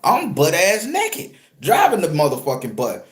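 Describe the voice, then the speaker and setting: Animated man with a higher voice. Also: moderate pace, slight background noise. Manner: animated, swings between loud excited retelling and low quiet murmur; crude, joking, streetwise slang. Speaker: spiritual content creator and tarot reader. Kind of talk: casual profane storytelling monologue.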